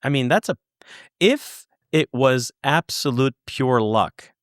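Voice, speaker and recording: Man, podcast guest, earnest, halting, gropes for words, mid-pitched, dry close sound. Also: lively intonation, dry recording. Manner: earnest, halting, searches for words, swears for emphasis. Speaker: podcast guest, former UFO investigator. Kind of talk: conversational storytelling.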